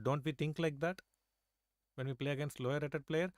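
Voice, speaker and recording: A man's voice: on the high side, fairly even intonation, moderate pace, no room sound. Man coaching chess, dry close voice. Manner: coaxing, asks students rhetorical questions with tag "right?". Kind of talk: live online chess lesson.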